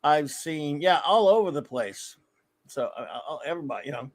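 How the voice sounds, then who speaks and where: A man's voice: fairly high pitch, animated, moderate pace, no echo. Rambling man chatting on a live stream. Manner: rambling, reminiscing, greets chat viewers. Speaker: co-host of a live fan show. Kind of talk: casual live-stream chat.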